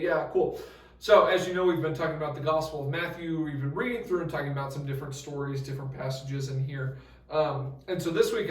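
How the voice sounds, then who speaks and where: A man's voice: on the high side, echoey room, far from the mic, poor audio. A young man leading a youth group Bible study in a loose, casual talk with many fillers and restarts.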